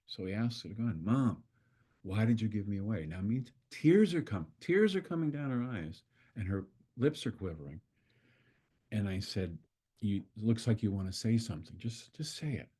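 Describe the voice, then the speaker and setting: An older man with a somewhat low voice tells a story as a facilitator. He talks in a loose, conversational way. He slips into the voices of the people in his story as he goes. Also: big pitch swings, moderate pace, mellow, slightly rough. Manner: conversational, acts out dialogue with swearing quotes. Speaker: constellation facilitator. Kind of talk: storytelling in an online talk.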